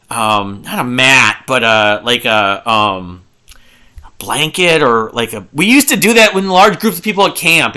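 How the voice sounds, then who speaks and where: Man, forties, music reviewer; bright, forward tone, rambling and enthusiastic, hums riffs. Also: medium pitch. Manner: rambling and enthusiastic, many fillers and restarts; hums and sings riffs to illustrate. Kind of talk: casual album review monologue.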